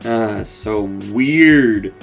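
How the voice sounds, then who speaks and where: A man's voice: lowish voice, drawn-out words, soft background music. A man casually recapping a cartoon episode, rambling and acting out the characters' lines, laughing often.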